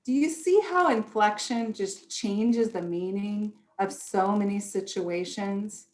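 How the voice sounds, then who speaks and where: A woman leads a workshop in a slow, deliberate way, explaining ideas step by step. Now and then she acts out everyday thoughts to make her point. Her voice carries a noticeable room echo. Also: medium pitch, darkish tone. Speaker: presenter. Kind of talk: online workshop talk. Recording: echoey room.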